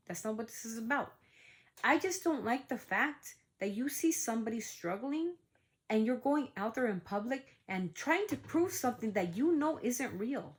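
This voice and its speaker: A middle-aged woman hosting a casual vlog, speaking earnestly and emphatically to parents, often repeating herself. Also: mid-range voice. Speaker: channel host, parent. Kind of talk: casual vlog talk to camera.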